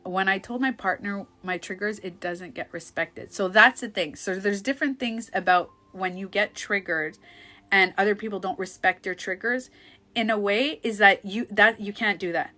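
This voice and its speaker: A woman in her thirties, a life coach chatting casually on a phone live stream, animated and blurting out loud quoted outbursts. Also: mid-range voice, moderate pace.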